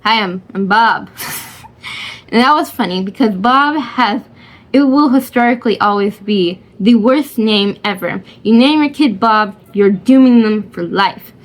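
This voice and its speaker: A woman's voice: on the high side, measured pace. A woman rambling casually about a film she watched, hesitant and giggly, full of fillers and restarts. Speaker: vlogger reviewing a film.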